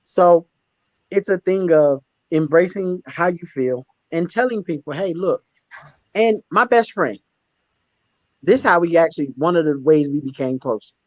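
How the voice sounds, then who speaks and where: Emphatic man with a bright lifted voice. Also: normal speed, dry recording, dull audio. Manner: emphatic, repeats words and restarts, animated pitch swings. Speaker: stand-up comedian and guest. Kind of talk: candid conversational storytelling.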